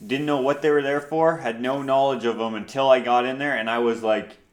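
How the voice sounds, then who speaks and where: A man's voice: mid-range voice, fairly even intonation, a little fast. A man co-hosting a casual talk show, joking and telling stories in an easygoing way. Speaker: co-host. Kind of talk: casual podcast chat. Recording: echoey room.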